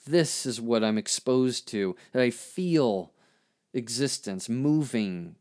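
A man hosting a podcast, reflecting earnestly on his own poem in a halting way, with many restarts and fillers. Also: mid-range voice, lively intonation, darkish tone. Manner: earnest and searching. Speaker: podcast host and therapist.

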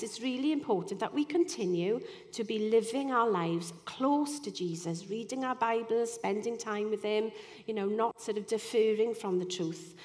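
A woman delivers a sermon in an earnest, chatty way, often pausing for a "you know." Her voice sits at an ordinary middle pitch. A long reverb trails each phrase, as in a large hall. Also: darkish tone. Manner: earnest, conversational, with frequent "you know" asides. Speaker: speaker giving a devotional talk.

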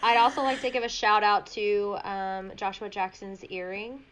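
A woman's voice: mid-range voice, moderate pace, over a noisy crowd, rough recording. Laid-back woman with wry asides. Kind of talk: casual movie discussion.

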